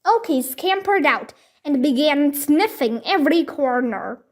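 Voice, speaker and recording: A woman reading a children's book aloud in calm, clear storybook narration. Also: high voice, unhurried.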